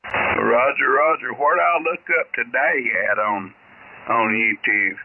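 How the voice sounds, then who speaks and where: A man's voice: medium pitch, takes it slowly, a little hiss or hum. An older retired man from Alabama, calling in over ham radio in a folksy, plain-spoken way. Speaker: caller. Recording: tinny radio transmission.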